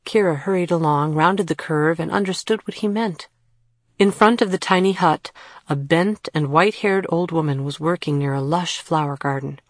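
Low-voiced woman reading a storybook. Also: dry recording, studio quality. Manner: measured storytelling read, puts on voices for characters. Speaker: audiobook narrator. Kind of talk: scripted audiobook narration.

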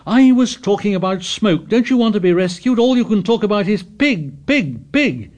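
A man's voice: medium pitch, lively intonation, normal speed, darkish tone, lightly acted. A man reading an audiobook, voicing an earnest boy leader who speaks plainly and grows indignant.

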